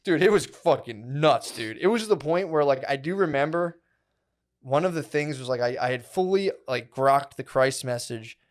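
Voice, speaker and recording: A man's voice: on the high side, expressive, moderate pace. A man co-hosting a comedy podcast, telling a long story in a loose, rambling way, with "like" and "dude" in every phrase and plenty of swearing.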